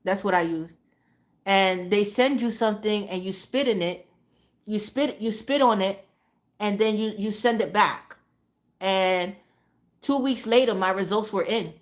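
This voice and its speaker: A woman vlogger talking casually, rambling and repeating herself, trailing off into low mutters. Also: measured pace. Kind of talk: casual monologue.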